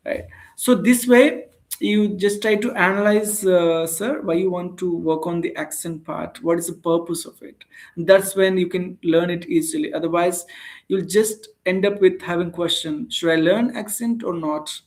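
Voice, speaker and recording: Earnest high-voiced Indian man teaching English. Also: a little mellow. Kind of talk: casual spoken English lesson.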